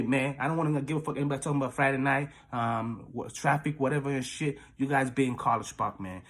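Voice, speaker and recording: Profane, hyped husky-voiced male fan. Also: mid-range voice. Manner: profane, hyped, trash-talking. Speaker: fan previewing a game. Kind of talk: hyped fan video commentary.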